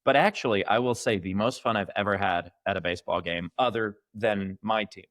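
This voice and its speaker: Low-voiced man in emphatic podcast chat. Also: a little fast, dry recording. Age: late 30s to early 40s. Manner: emphatic, voices mock cheers loudly. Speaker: podcast co-host. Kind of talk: casual opinion chat.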